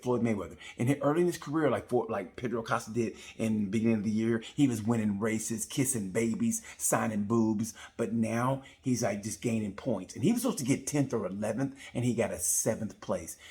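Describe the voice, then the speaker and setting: A man giving a rambling, profane comedic review of a motorcycle race. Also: fairly low pitch. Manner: rambling, profane, animated storytelling. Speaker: comedy racing commentator.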